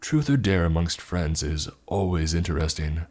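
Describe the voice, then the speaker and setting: An eerie, ageless stranger, put on by a man, speaks in a deep, unhurried monotone. He teases and toys with his listeners, never raising his voice, while faint music plays underneath. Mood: calm, menacing. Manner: calm, monotone, slow and teasing. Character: ageless sinister stranger in a suit.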